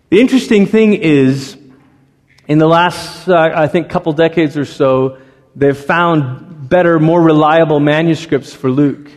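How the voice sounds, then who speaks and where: Conversational pastor in a reverberant hall. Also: male voice, a little high, a little mellow. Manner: conversational, with frequent restarts and stumbles. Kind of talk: sermon. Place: church sanctuary. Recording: long reverb of a church hall.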